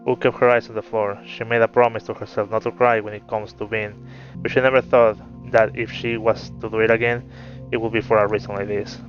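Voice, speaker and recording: A man reading a fantasy story aloud in a steady narrating voice, in a muffled recording. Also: lowish voice, fairly quick. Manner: steady narration, laughs between chapters. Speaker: story reader. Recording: muffled with faint music.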